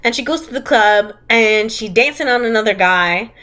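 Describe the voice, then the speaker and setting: A woman's voice: fairly high pitch, expressive, normal speed, pushed and bright. A young woman co-hosting a podcast, sarcastically recapping a movie in casual chat and acting out quotes. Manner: sarcastic recapping, acts out quotes, giggles often. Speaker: podcast co-host.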